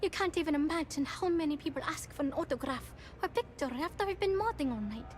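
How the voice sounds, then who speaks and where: An actress voicing a bubbly young DJ in a video game, with a cute, high, girlish voice and a touchy streak. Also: lively intonation, fast talker. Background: game music.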